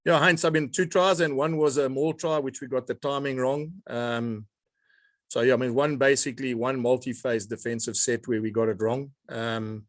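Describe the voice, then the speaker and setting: A middle-aged man, a rugby coach answering reporters' questions in a measured way, often repeating words as he searches for them. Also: mid-range voice, fairly even intonation, dry recording. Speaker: rugby coach at a press conference. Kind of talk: press conference answers.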